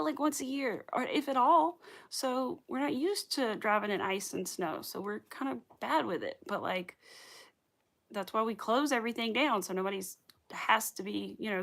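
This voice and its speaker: Hosting a crochet livestream, this young woman from the Southern US speaks in a mid-range, creaky voice with a light Southern accent. She chats casually with her live viewers, rambling and laughing a lot.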